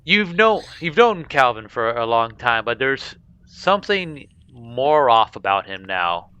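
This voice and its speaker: A man's voice: medium pitch, sing-song, measured pace, pushed and bright, clear, resonant tone, no echo, muffled recording. A man narrating a tabletop game as game master, in a loose, casual way with many fillers.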